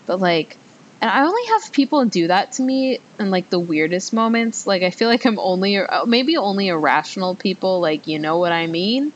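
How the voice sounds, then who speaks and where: In a muffled recording with faint background noise and a low rumble, a young woman who hosts a podcast tells a story in a chatty, rambling monologue. Her intonation is lively and her speed normal, and she uses plenty of fillers and pokes fun at herself.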